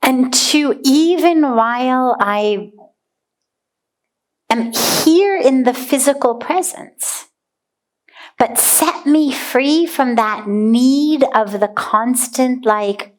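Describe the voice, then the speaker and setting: Teaching a spiritual talk, a high-voiced woman speaks with deliberate earnestness, dwelling on individual words.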